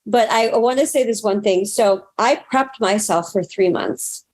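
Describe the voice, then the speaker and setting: A woman's voice: mid-range voice, measured pace, a little mellow. A woman guest in an interview, telling a personal story in an earnest, talkative way. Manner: earnest, talkative, acts out past moments in quotes.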